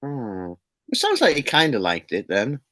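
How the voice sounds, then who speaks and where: A man's voice: mid-range voice, huge pitch swings, moderate pace, fairly bright tone, dry recording. A middle-aged man, a horror magazine publisher, chatting as an interview guest with an enthusiastic, rambling manner and frequent restarts. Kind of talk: casual interview chat.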